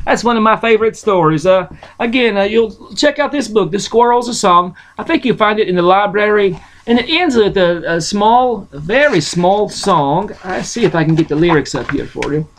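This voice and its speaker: A man's voice: high-pitched, low-quality recording. A man from Russia, reading a bedtime story aloud in a casual, folksy way with rambling asides. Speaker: storyteller host.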